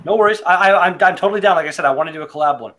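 A man's voice: high-pitched, rapid-fire, a bit bright. A man co-hosting a casual beer review chat, rambling with restarts and swearing freely. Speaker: podcast co-host reviewing beer.

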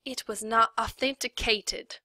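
A woman voicing a cold, scheming female camp warden who defends herself smoothly. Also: a little high, fairly even intonation, unhurried, pushed and bright, no room sound, voice pushed up. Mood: defensive.

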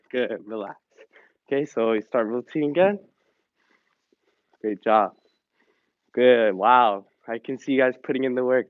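A man coaching an online exercise class, a little out of breath as he cheers students on and counts reps, switching between English and Korean. His voice sits at a middle pitch. The recording is dry and dull, like a lo-fi video call. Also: no room sound. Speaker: fitness instructor.

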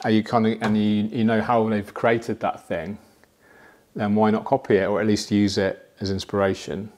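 A man casually explaining how he plants an aquarium, chatty and relaxed, with frequent fillers and asides. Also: lowish voice. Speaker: aquascaping presenter.

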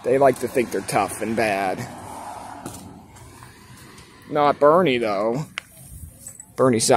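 A man's voice: mid-range voice, takes it slowly, long pauses, a little hiss or hum. Laid-back man chatting to his cats. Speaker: cat owner filming his outdoor cats. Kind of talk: casual vlog narration. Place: outdoors at home.

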